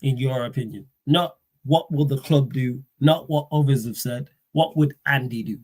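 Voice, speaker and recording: A man, hosting a football livestream, talking in a slangy, animated way and firing off rhetorical questions. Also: mid-range voice, moderate pace. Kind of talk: casual live-stream rant.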